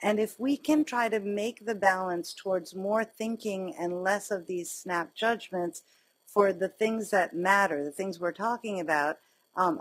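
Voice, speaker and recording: Woman doc lecturing at grand rounds, slightly husky, lowish voice, chatty stories. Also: low-quality recording. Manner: conversational, animated storytelling with laughs. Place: lecture hall.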